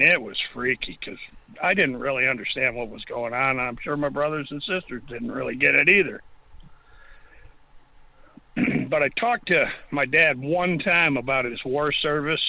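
A man's voice: medium pitch, sharp tone, dry recording, dull audio. A man calling in to a radio talk show, telling a story with impassioned, ranting energy. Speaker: caller.

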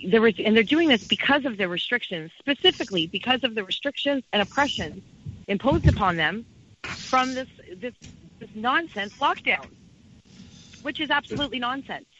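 Intense, bright-voiced woman guest. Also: fairly high pitch, animated, normal speed, muffled recording, slight background noise. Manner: emphatic, repeats key phrases. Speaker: campaign organizer, guest. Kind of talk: impassioned interview talk.

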